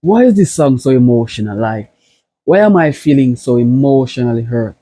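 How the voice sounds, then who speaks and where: Young Jamaican reaction host, warm mellow tone, openly emotional, casual. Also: male voice, mid-range voice, lively intonation, moderate pace, no echo, faint music behind. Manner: emotional, keeps saying "bro".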